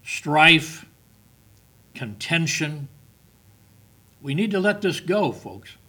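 A man's voice: on the high side, very animated, very slow, sharp tone. A middle-aged man preaching a sermon, emphatic, repeating words and reading scripture aloud.

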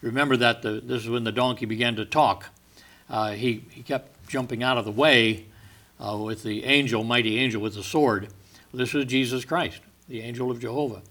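A man's voice: medium pitch, steady tone, normal speed, a bit bright. A man teaching from the Bible, reading verses with rising emphasis and retelling the stories in casual asides. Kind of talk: sermon.

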